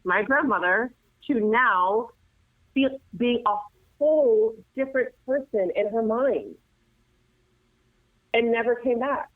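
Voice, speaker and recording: A woman, a nurse guest, giving earnest, animated advice in conversation, often restarting her sentences. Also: on the high side, slow, long pauses, dry recording. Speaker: nurse and assisted living administrator, guest. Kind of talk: conversational interview. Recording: tinny phone line, dry.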